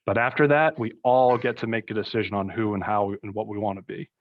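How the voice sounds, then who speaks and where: A man's voice: lowish voice, steady tone, fast. A young man, a podcast guest, rambling through casual stories with lots of fillers and asides. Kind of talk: casual conversation. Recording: slightly muffled recording.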